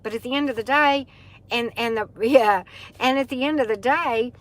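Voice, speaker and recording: A middle-aged woman, hosting a casual live chat with viewers. She talks in a chatty, animated way and laughs often. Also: on the high side, moderate pace. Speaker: livestream host.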